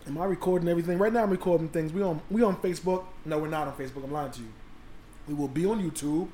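A man trading jokes on a laid-back podcast, teasing himself and the others. His voice sits slightly high and carries a roomy echo. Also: racing, warm tone, a little hiss or hum. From Africa. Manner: playful, self-mocking storyteller. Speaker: podcast co-host. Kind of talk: casual banter.

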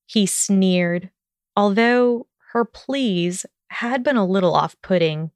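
Woman storyteller, smooth clear voice, measured narration. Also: medium pitch, no echo, studio quality. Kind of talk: storybook reading.

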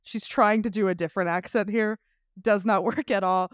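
A man's voice: sits high, fairly even intonation, normal speed, fairly bright tone, smooth, no room sound, studio quality. A man co-hosting a film podcast, chatting casually and animatedly with lots of restarts and the odd swear. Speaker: podcast co-host.

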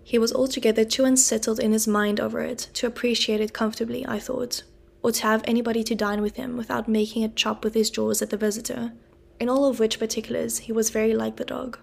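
Woman reading a classic novel, gravelly. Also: a little high, little pitch movement, fast. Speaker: audiobook reader.

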